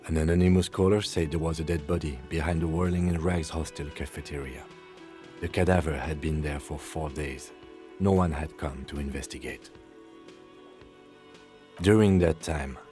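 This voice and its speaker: A man's voice: very deep voice, a little mellow. An actor playing a methodical male police lieutenant in a video game, speaking in a composed, precise, dry way.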